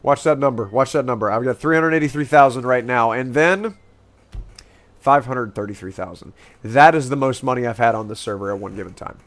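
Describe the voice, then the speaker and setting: A man's voice: medium pitch, brisk, a bit bright. Joking, foul-mouthed male game streamer. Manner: joking, profane, rambling. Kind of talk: casual gameplay chat.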